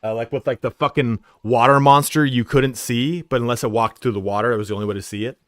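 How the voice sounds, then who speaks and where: A man's voice: medium pitch, fairly even intonation, fast, no echo, clean studio sound. A young man streaming from home, chatting casually and telling rambling stories with lots of swearing and filler words. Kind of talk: casual livestream chat.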